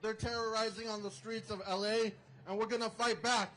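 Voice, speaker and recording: A man speaking forcefully at an outdoor protest rally, leading chants and introducing the next speaker. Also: high-pitched, flat delivery, brisk, low-quality recording. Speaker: rally emcee.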